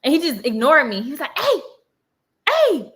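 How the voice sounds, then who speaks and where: A young woman tells a story straight to a phone camera on a live chat. Her voice is bright and forward, and she jumps into little acted-out quotes, slipping in plenty of fillers along the way. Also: high-pitched, quick pace. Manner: animated storytelling, acting out quotes, frequent fillers.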